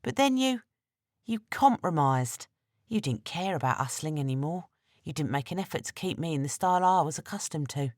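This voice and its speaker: A woman narrator voicing a sad, resentful young ex-lover in a higher, rushing, reproachful voice. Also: expressive, a little mellow, no room sound, studio quality.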